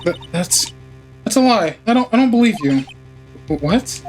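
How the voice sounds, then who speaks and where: A man's voice: sits high, expressive, normal speed, a little mellow, faint music behind, voice pushed up. A man voicing a frightened young female witness who stammers and pleads, reading game dialogue aloud.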